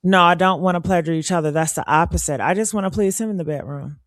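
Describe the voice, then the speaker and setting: A woman's voice: on the low side, fast talker, no echo, studio quality. A trans woman hosting a casual livestream chat, talking in a sassy, blunt and emphatic way.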